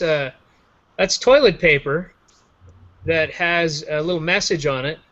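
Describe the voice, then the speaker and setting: A show host with a slightly high, somewhat bright voice rambles through a casual, joking chat over a video call, poking fun at himself. The online call audio sounds dull and lo-fi.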